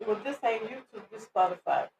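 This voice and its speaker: A woman's voice: fairly high pitch, lively intonation, fairly quick, gravelly, highs cut off, background noise. A middle-aged woman co-hosting a podcast, joking with conspiratorial asides in casual chat. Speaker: podcast co-host.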